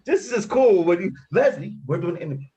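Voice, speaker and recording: A man's voice: sits high, sing-song, fairly quick, dark tone, dull audio. A man hosting a casual interview, playful and laughing often. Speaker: interview host. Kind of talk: casual chat.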